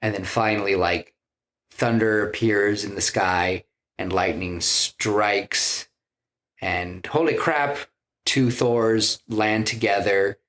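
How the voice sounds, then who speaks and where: Slow, low-voiced man retelling a plot. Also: a bit bright. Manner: rambling, with many fillers and restarts. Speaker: podcast co-host pitching a film plot. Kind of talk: casual chat, retelling a story.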